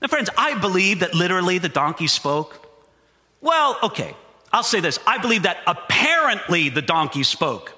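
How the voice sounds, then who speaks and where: A pastor preaching an emphatic, animated sermon in a high, bright voice that rises and falls widely. The voice rings through a long hall reverb. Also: male voice, normal speed.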